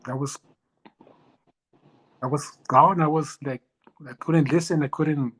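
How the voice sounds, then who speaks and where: A man as an interview guest, telling a personal story in a halting way with many restarts. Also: medium pitch, poor audio.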